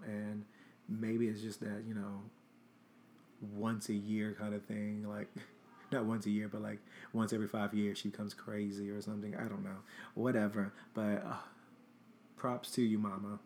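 A man casually recounting a personal story as a podcast host, chatty and animated, full of filler words and swearing. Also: fairly low pitch, a little hiss or hum.

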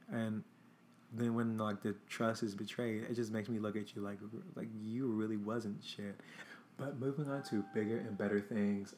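A young man hosts a casual storytime, his voice sitting a little low. He talks bluntly and profanely and slips into quoted dialogue as he goes. A faint background hiss sits under the recording. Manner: chatty, blunt and profane, acting out texts. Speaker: host.

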